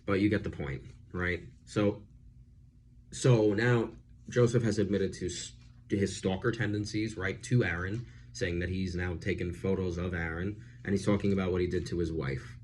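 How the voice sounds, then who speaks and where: A man chatting casually as he reviews a film, animated and full of fillers. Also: low-pitched, moderate pace, slight background noise.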